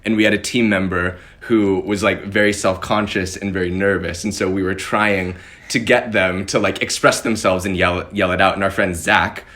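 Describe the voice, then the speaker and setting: A young adult man co-hosting a podcast, chatting casually and telling a relaxed story. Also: sits low, moderate pace. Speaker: podcast co-host. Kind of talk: casual chat.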